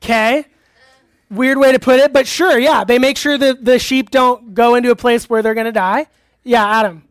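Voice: medium pitch, steady tone, normal speed, clean tone, no room sound, clean studio sound. Chatty preacher questioning the audience. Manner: laughs easily, uses many fillers. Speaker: youth pastor. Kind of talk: interactive sermon. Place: church hall with a live audience.

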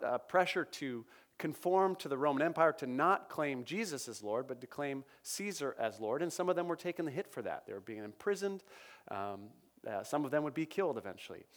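A man preaching a sermon to his congregation, talking in a conversational, self-correcting and energetic way. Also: fairly high pitch. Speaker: pastor. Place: church.

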